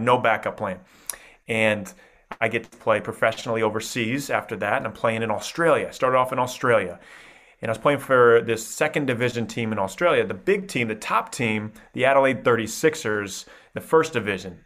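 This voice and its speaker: A man in his thirties from Iowa, telling his life story as a podcast guest in an animated, energetic way. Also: medium pitch. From Iowa, USA. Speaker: podcast guest, mindset coach. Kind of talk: storytelling interview.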